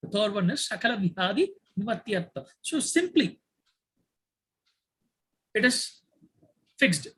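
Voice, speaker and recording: A man's voice: high voice, very animated, measured pace, pauses often, sharp tone, rough recording. A man teaching an online yoga class who repeats his key phrases, uses many fillers and calls on his students by name.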